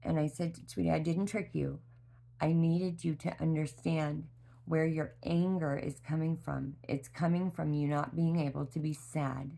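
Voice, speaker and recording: A woman's voice: sits low, fairly even intonation, measured pace, creaky, mellow. A worn-out woman, a mother, telling a personal story in a candid vlog. She rambles in a heartfelt way, with restarts and fillers. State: exhausted. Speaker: mother sharing a parenting story.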